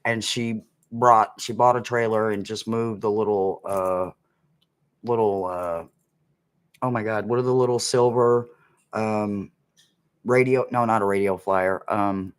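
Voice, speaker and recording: A man's voice: on the low side, steady tone, unhurried, clear, resonant tone. A man chatting casually to viewers on a livestream, rambling between stories and humming snippets of songs. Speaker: livestream host.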